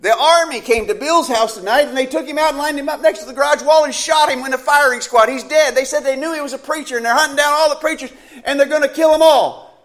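A man's voice: very high-pitched, quick pace, a bit bright, voice pushed up. A man voicing a panicked male churchgoer who phones at night with urgent, frantic news.

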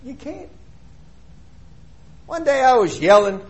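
High-pitched emphatic male preacher. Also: very animated, normal speed, pauses often. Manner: emphatic, rhetorical questions, swings between loud and quiet. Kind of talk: sermon.

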